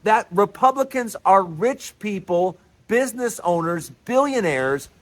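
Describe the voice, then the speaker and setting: A man's voice: high voice, fairly bright tone. A man hosting his own show, delivering an emphatic, repetitive political monologue as if lecturing his listeners. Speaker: host.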